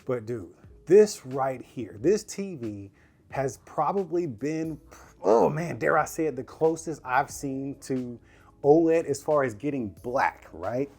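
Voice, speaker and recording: Man, casual tech review vlog, animated, slangy, home living room. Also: mid-range voice, slow, faint music behind. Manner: chatty, laughing, slangy, addresses viewers directly.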